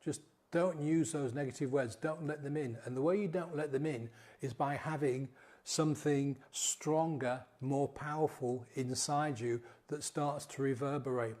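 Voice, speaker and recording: A man's voice: a little high, steady tone. A middle-aged man, a coach, guiding listeners through a repeated mantra and then explaining it. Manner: slow, soft, repetitive guiding. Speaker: sobriety coach. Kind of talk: guided mantra meditation and talk.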